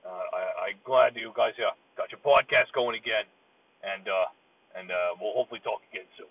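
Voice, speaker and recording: New guy from the bronx venting into a voicemail from his car, gravelly husky voice, cusses and rambles, tinny phone sound. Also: fairly low pitch, moderate pace. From Bronx, New York City. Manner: exasperated, swearing, rambling. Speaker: voicemail caller. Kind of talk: ranting voicemail. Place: car stuck in traffic.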